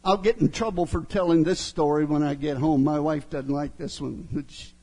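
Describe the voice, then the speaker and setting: A man's voice: fairly high pitch, steady tone, mellow, slightly rough. A middle-aged male preacher giving a sermon, emphatic, often asking his listeners "huh?". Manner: slow, emphatic, asks the crowd "huh?" often.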